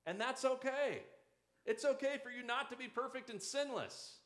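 Pastor preaching in an echoey room. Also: male voice, very high-pitched, moderate pace, a bit bright. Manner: conversational preaching, acting out inner voices. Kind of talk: sermon.

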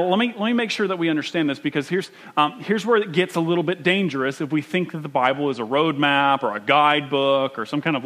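A man preaching a sermon, animated and emphatic, often restarting his phrases. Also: fairly high pitch. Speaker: pastor.

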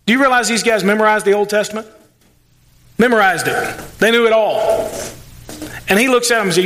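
A man's voice: sits high, brisk, pauses often, a bit bright, a little hiss or hum. A male pastor preaching a sermon, folksy and plain-spoken, with asides and playful sarcasm. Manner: acts out quoted voices.

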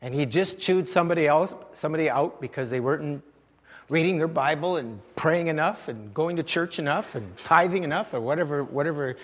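High-voiced male pastor preaching in a reverberant hall. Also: fairly quick, fairly bright tone. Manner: conversational, rhetorical questions to the congregation. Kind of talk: sermon.

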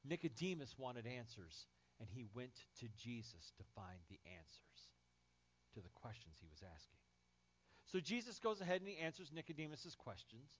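A man's voice: medium pitch, sing-song, normal speed, fairly bright tone, highs cut off. A man preaching a sermon as pastor, emphatic and building through repeated phrases.

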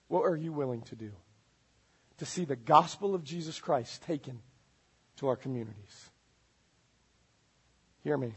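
A man preaching a sermon as pastor, swinging between loud urgent calls and hushed, intense passages. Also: a little high, breathy edge, poor audio. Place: church.

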